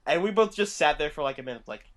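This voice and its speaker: A man's voice: on the high side, animated, fast talker, a bit bright. Laughing storytelling man. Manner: laughs often while telling the story. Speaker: podcast co-host. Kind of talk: casual storytelling chat.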